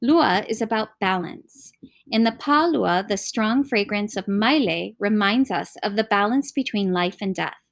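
A woman voicing a stern older male martial arts teacher who talks in gruff, scolding commands, read as an audiobook character. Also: mid-range voice, animated, unhurried, no room sound, clean studio sound. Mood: explaining.

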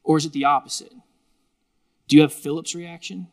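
A man preaching a sermon to a live congregation in a lively, joking, conversational way. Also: fairly high pitch, brisk. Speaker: pastor.

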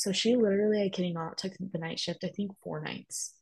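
A woman's voice: fairly low pitch, fairly even intonation, normal speed, gravelly, hardly any pauses, darkish tone, low-quality recording. A young woman telling a personal story in a chatty way, full of "like" and emphatic asides. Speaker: guest sharing a personal story.

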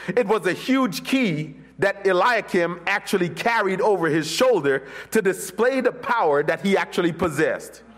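High-voiced preaching man. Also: expressive, normal speed, a bit bright. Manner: preaching with sweeping pitch swings, from sung high calls to low murmurs. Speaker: pastor. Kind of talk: sermon.

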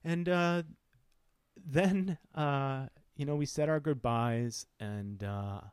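A man's voice: mid-range voice, takes it slowly, clear, resonant tone, no echo, studio quality. A middle-aged man hosting a podcast, telling a personal story in an earnest, reflective way that often stops and restarts. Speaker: podcast host.

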